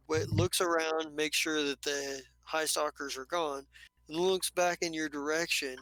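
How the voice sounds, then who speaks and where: A man's voice: a little high, a bit bright, no echo, rough recording. A man narrating a tabletop game as game master, rambling with many restarts and casual swearing.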